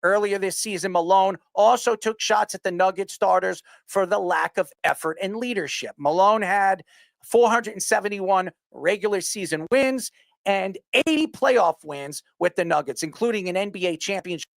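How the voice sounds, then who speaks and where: A man's voice: high voice, gravelly, a bit bright, no room sound, clean studio sound. A man from New York hosting a sports talk show, rambling with blunt opinions and repeated words.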